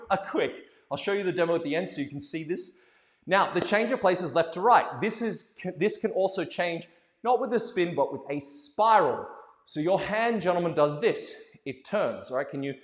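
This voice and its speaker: A man with a fairly high voice runs a playful, animated ballroom dance lesson, cracking jokes and counting the rhythm out loud. His voice bounces around an echoey room with a long, ringing reverb. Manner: playful, animated, joking asides, counting beats aloud.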